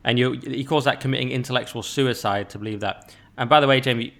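A man's voice: mid-range voice, steady tone, fast talker, vocal fry, fairly bright tone. A man hosting a podcast, explaining at length and setting out the structure of the discussion in casual conversation. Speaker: podcast host.

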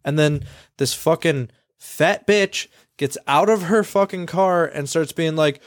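A man's voice: fairly high pitch, measured pace, dry recording, studio quality. Blunt, profane man. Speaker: podcast co-host. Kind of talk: casual podcast chat.

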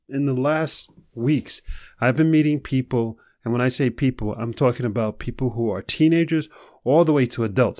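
A man's voice: medium pitch, a little mellow, no echo, studio quality. A man speaking straight to the listener in a motivational monologue, asking pointed questions and acting out people's excuses.

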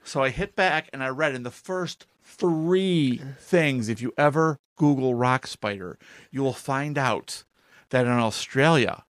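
Man, storyteller, animated, acts out quotes, dry close mic. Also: medium pitch, unhurried, no room sound. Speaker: podcast host telling a story. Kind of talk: casual comedic storytelling.

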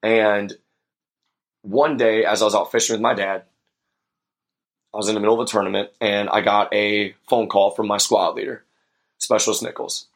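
A man's voice: fairly low pitch, flat delivery, normal speed, pauses often. A young man hosting a podcast, telling a personal story in an earnest, reflective way with many fillers. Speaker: podcast host.

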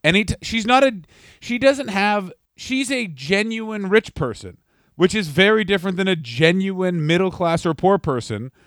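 A man co-hosting a comedy podcast, ranting in crude, sardonic banter. His voice sits fairly high, and it is recorded close and dry. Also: animated, moderate pace, a bit bright, no room sound. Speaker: podcast co-host.

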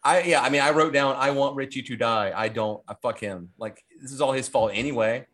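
A man co-hosting a casual film podcast, excitedly recapping scenes, acting out characters' lines and swearing freely. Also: mid-range voice, a little fast. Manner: animated storyteller, acts out quotes, swears freely. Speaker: podcast co-host. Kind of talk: casual movie podcast chat.

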